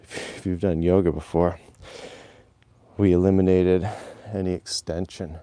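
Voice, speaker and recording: A man's voice: sits low, level tone, measured pace, warm tone, smooth, dry recording. A middle-aged man leading a live exercise class, giving step-by-step cues while moving, on a clip-on mic. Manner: coaching cues between moves, apologetic about the mic. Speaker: movement instructor. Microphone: clip-on mic worn while exercising.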